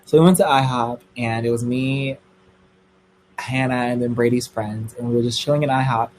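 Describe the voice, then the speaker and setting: A young man telling a story on a livestream in a casual, gossipy way, swearing freely and squealing high when excited. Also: normal speed, slight background noise, poor audio.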